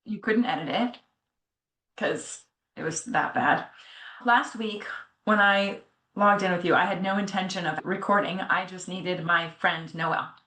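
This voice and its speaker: A middle-aged woman telling a personal story in a candid, animated way, often slipping into the voices of people she quotes. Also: on the low side, unhurried. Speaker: podcast co-host. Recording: echoey room.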